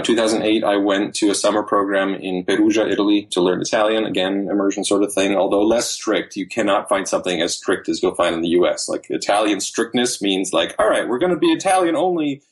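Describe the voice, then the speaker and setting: Husky low-voiced man telling stories. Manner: animated storytelling with quoted asides. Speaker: guest, language learning author. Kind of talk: casual interview chat.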